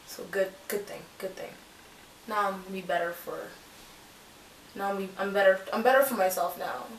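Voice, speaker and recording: A young Canadian woman chats casually while she does her makeup. She rambles along with lots of filler words, at a middle pitch. She sits some way from the mic in an echoey room, with a little background hiss. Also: gravelly, fairly bright tone. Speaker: beauty vlogger. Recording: roomy, distant mic, faint noise.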